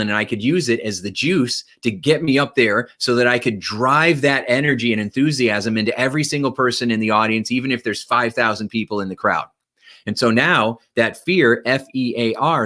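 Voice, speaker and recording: A man giving an energetic motivational talk to his viewers, often checking in with "right?" and "okay?". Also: mid-range voice. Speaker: motivational speaker.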